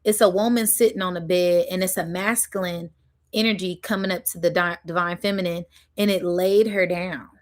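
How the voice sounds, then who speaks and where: A young woman with a slightly low voice talks straight to her viewers as she gives a spiritual reading. She is chatty and giggly, and she stretches her words out slowly while she channels. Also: fairly even intonation. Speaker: spiritual energy reader. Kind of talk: casual intuitive reading to viewers.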